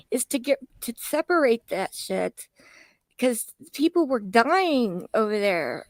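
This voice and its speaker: A woman's voice: a little high, lively intonation, slow pace, no room sound. A woman co-hosting a casual podcast discussion, chatty, with drawling asides. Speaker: podcast co-host.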